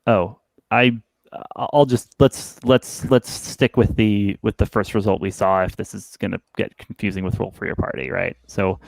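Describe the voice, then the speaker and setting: A man narrating as game master of a tabletop game, speaking haltingly with many fillers and restarts. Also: fairly low pitch, level tone, creaky, no room sound, rough recording.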